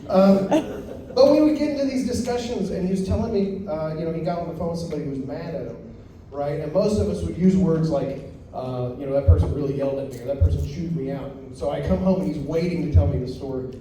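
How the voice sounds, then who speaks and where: High-voiced comic, echoey club. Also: male voice, a little hiss or hum. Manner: deadpan storytelling with quick acted quotes. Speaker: stand-up comedian. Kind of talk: stand-up comedy set. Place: comedy club stage. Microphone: handheld stage mic. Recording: echoey club from far off, crowd. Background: audience laughing.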